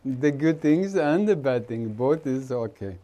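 A man's voice: medium pitch, expressive, measured pace, mellow, muffled recording. A man with an Indian accent, a spiritual teacher giving an informal, teasing talk to a gathering and laughing often. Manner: chatty, teasing, laughs often, nonnative grammar.

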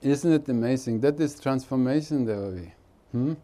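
A man's voice: mid-range voice, normal speed, dark tone. A man with an Indian accent, a spiritual teacher giving an informal, teasing talk to a gathering and laughing often. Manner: chatty, teasing, laughs often, nonnative grammar.

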